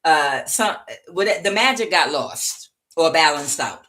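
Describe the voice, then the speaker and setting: A woman's voice: low-pitched, animated, slow pace, sharp tone. A woman doing a casual tarot reading to camera, chatty and punctuating her points with "okay". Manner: chatty, frequent "okay" checks, laughs at herself. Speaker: tarot reader.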